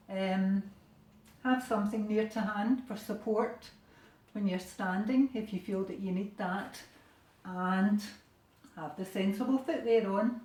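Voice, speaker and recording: A woman with a Scottish accent leading a gentle home exercise class from her bedroom, giving encouraging instructions in a relaxed way. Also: medium pitch. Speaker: fitness instructor. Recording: roomy sound from a distant camera.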